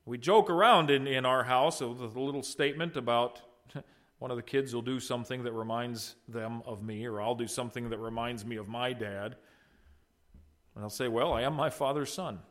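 A middle-aged man preaching a sermon in an earnest style, swinging between loud and soft. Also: moderate pace. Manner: earnest preaching with wide swings in loudness and pitch. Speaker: pastor.

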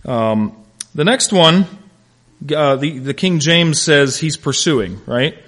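Man teaching a lively Bible class. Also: fairly high pitch, slow pace. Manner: animated storytelling, calls on class members by name.

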